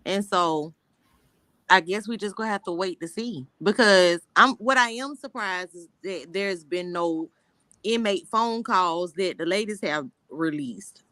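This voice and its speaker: A woman's voice: fairly low pitch, a little slow, pushed and bright, no room sound, studio quality. A woman from Florida chatting casually on a live stream, blunt and joking in a laid-back way.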